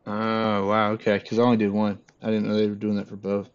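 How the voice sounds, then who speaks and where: A man chatting casually with friends, relaxed and laughing between points. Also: lowish voice, brisk, smooth, lo-fi sound. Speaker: podcast co-host. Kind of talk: casual chat.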